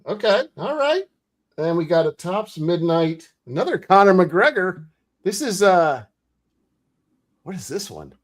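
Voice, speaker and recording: A man's voice: high voice, sing-song, measured pace, long pauses. A man hosting a casual pack-opening stream, chatty and enthusiastic. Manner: enthusiastic, chatty, laughs often. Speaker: host. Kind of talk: casual chat while opening card packs.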